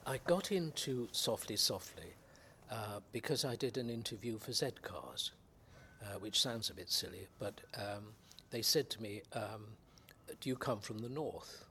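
A man's voice: fairly low pitch, bright, forceful tone, a little hiss or hum. Older West Country man telling anecdotes. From West Country, England. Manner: unhurried anecdotal storyteller. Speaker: guest actor. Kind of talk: reminiscing interview.

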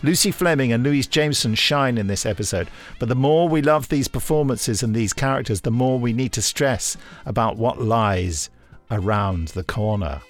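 A man co-hosting a podcast, his voice sitting at an everyday pitch. He reads listener mail in a loose, jokey way, breaking off to laugh at his own asides, with faint music underneath. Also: normal speed. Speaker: podcast co-host. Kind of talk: casual chat, reading listener emails.

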